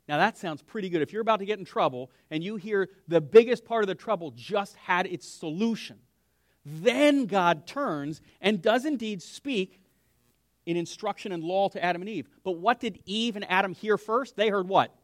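A man's voice: high-pitched, normal speed, no echo, studio quality. A man, a pastor, teaching a conversational Bible lesson, asking his listeners questions and dropping to a whisper for emphasis. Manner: lively, asks the room questions, drops to a whisper for emphasis.

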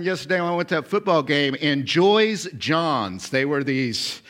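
A man in his forties preaching a sermon as pastor, swinging from loud bursts to hushed whispers. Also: fairly high pitch, expressive, measured pace, hardly any pauses. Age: 40s.

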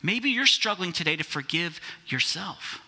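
Bright-voiced male pastor preaching. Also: sits high, lively intonation, normal speed. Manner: conversational, addresses listeners as guys. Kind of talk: sermon.

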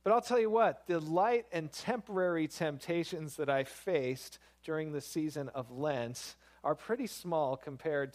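A man's voice: mid-range voice, a little mellow. A man, a pastor, giving a sermon in a conversational, storytelling way that builds emphasis.

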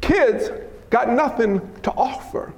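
A male pastor preaching a lively, teasing sermon, acting out scenes in a church sanctuary. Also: very high-pitched, takes it slowly, slight background noise. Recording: echoey hall with long reverb.

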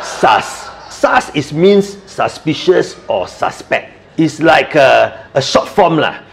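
A man's voice: a little high, creaky. A man playing a chatty Singaporean uncle who explains youth slang in a comedy sketch, with a Singaporean English accent and playful Singlish asides. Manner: playful, lively, chuckling asides, heavy Singlish particles.

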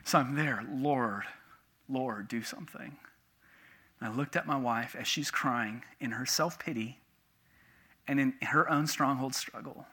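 A man preaching a sermon with passion, moving between loud emphatic lines and quiet personal asides. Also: medium pitch, moderate pace, husky.

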